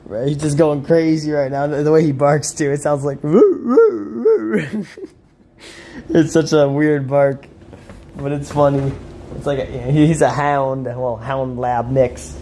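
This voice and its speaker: Laid-back male streamer, slow relaxed delivery, noisy home audio. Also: medium pitch. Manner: laid-back, chuckling, talks to himself and his dog. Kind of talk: casual gameplay chat.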